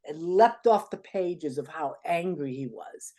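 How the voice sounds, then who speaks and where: Older lady telling stories in an interview, animated, acts out the quotes. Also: low-pitched, a little slow. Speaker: interview guest. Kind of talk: anecdotal storytelling.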